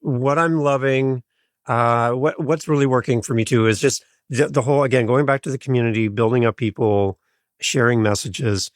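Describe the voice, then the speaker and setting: A man guesting on a podcast, energetic and full of stories about his own shows. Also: mid-range voice, moderate pace, no echo, clean studio sound. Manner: energetic, storytelling. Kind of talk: casual interview chat.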